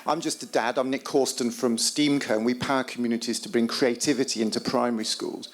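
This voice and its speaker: A man's voice: mid-range voice, fairly even intonation, a little fast. Man asking a question from the floor. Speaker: audience member asking a question.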